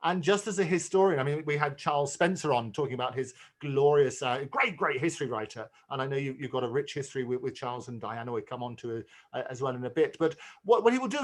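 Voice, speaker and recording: A man's voice: fairly high pitch, animated, fast talker, hardly any pauses. A man hosting an interview, effusive and chatty, often repeating words as he starts a sentence. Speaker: host. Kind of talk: interview chat.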